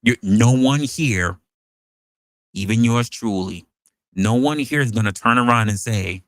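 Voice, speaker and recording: A man hosting an opinion show, talking in an animated, rhetorical way and posing questions to his audience. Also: medium pitch, a little slow, no room sound, clean studio sound. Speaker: podcast host. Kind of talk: opinion commentary monologue.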